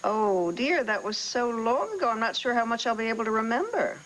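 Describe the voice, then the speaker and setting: A woman's voice: on the high side, lively intonation, brisk, a bit bright, slight background noise, low-quality recording. A hesitant, hedging woman. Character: hesitant former records keeper. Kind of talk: 1980s soap opera acting.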